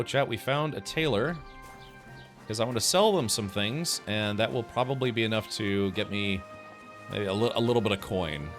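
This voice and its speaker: A man with a lower voice gives casual, rambling gameplay commentary, thinking aloud as he plays and answering his chat. Faint music runs underneath. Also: fairly bright tone. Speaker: streamer.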